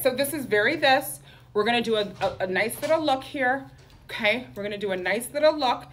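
A woman's voice: on the high side, a bit bright. Woman, boutique owner, live-sale patter, sassy, campy, in a clothing store. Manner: sassy, campy, peppers lines with "okay?" and "honey".

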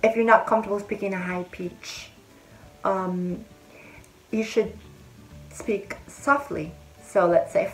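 A woman giving casual advice in a vlog, chatty and self-correcting, sometimes dropping to a soft, quiet voice. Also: mid-range voice, steady tone, slow pace, pauses often, soft background music, rough recording. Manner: drops to a soft, quiet voice to demonstrate.

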